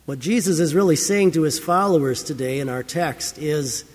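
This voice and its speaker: A man with a slightly raised pitch delivers a sermon as pastor. He tells stories earnestly and leans hard on key words. The sound carries a long reverb, as if filling a large church hall. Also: moderate pace, hardly any pauses, a little mellow, breathy edge. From United States. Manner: earnest, storytelling preacher with emphatic rises. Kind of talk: scripture reading and sermon.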